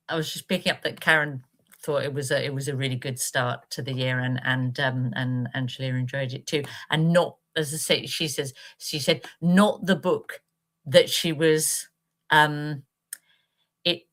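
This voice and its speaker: A woman's voice: sits low, fairly bright tone. A woman co-hosting a live book club stream, talking casually and hesitantly, with lots of fillers and restarts.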